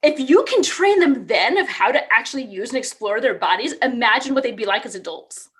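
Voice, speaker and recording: A woman in her thirties talks casually and upbeat as a podcast guest, her voice sitting fairly high. She is from California and fills her talk with "like". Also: expressive, a little fast. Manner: chatty, upbeat, lots of "like". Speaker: podcast guest, elementary PE teacher. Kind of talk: casual interview conversation.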